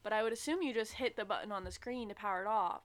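A young woman co-hosting a podcast, telling relaxed everyday anecdotes. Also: mid-range voice, quick pace, a little hiss or hum. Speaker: podcast co-host. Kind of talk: casual chat.

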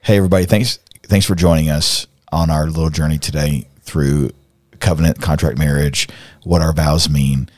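A man's voice: a bass voice, steady tone, normal speed, a little mellow, no room sound, studio quality. A man co-hosting a podcast, encouraging with short affirmations and signing off the episode. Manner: supportive, frequent short affirmations. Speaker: podcast co-host.

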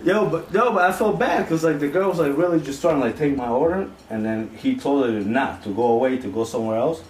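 A man co-hosting a casual comedy podcast, telling stories in an animated way that jumps high when he gets worked up. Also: fairly quick, reverberant, distant mic, a little hiss or hum, poor audio. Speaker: podcast co-host.

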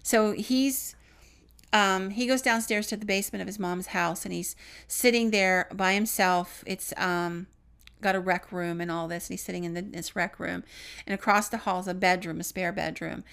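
A woman co-hosting a podcast and recounting a paranormal story. Her voice has a gravelly, creaky texture. She tells it earnestly and lets her voice fall away on the grimmest details. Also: lowish voice, fairly even intonation, normal speed. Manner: earnest retelling, trailing off softly on grim details. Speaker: podcast co-host.

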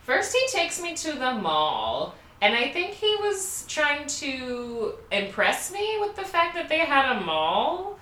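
A woman's voice: high voice, wildly swooping pitch, slow pace, hardly any pauses, sharp tone, a little hiss or hum. A woman in her twenties co-hosting a podcast, telling a travel story in casual chat, candid and laughing, with lots of fillers. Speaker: podcast co-host. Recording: roomy, a bit far from the mic.

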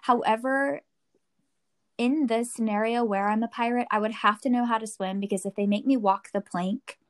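A woman in casual chat, playful and quick to laugh. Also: on the high side, steady tone, dry recording.

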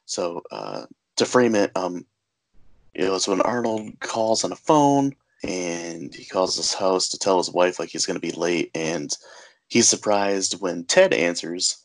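A man's voice: low voice, expressive, a little slow. A man hosting a podcast, chatting casually about a film with fillers and easy laughter. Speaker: podcast host. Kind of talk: casual movie discussion.

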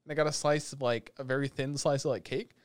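A man co-hosts a podcast and tells a rambling, animated rant in casual chat. His voice sits at a middle pitch. The sound is dry and close, with no room around it. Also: quick pace, clean tone, dry recording. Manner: animated ranting storyteller. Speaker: podcast co-host.

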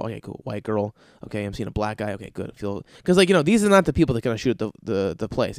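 A man's voice: a little high, no room sound. Profane ranting male stand-up comic. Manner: profane, ranting, exasperated outbursts. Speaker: comedian. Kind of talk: stand-up storytelling.

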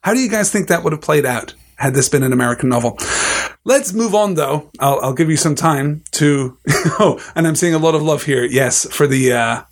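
A man hosting a book discussion, giving measured, thoughtful literary commentary with frequent restarts. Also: fairly high pitch, expressive.

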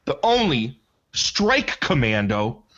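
A man's voice: mid-range voice, very animated, takes it slowly, fairly bright tone, muffled recording, a little hiss or hum. A man hosting a movie podcast in casual chat, rambling enthusiastically and often correcting himself mid-sentence. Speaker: podcast host.

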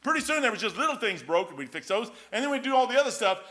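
Older male preacher, high-pitched, folksy rambling storyteller. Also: very animated, rapid-fire, pushed and bright. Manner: rambling folksy anecdotes, says "man" often. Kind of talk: storytelling sermon.

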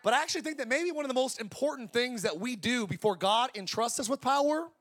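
A man in his forties preaching a sermon as pastor, energetic and conversational, with jokes. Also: extremely high pitch, fast, few pauses. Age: 40s.

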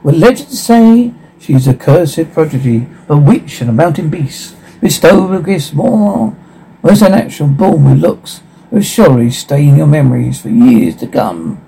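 Guy reading out a circus ringmaster, barker style, gravelly and a bit husky. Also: on the high side, animated, measured pace, mellow, heavily acted, rough recording. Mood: showy. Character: showy male circus ringmaster.

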